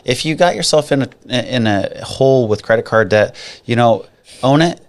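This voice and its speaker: A man's voice: medium pitch, lively intonation, normal speed. A middle-aged man co-hosting a casual podcast as a mortgage lender, playful and jokey as he talks numbers.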